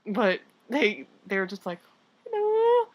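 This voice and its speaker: A woman's voice: mid-range voice, expressive, moderate pace, muffled recording. A young woman chatting casually, adding laughing side comments to a friend's stories. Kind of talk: casual chat.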